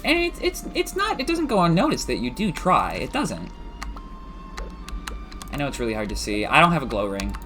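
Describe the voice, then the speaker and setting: A man's voice: fairly high pitch, wildly swooping pitch, moderate pace, long pauses, pushed and bright, faint music behind. A man streaming a farming game, chatting casually and musing aloud as he rambles.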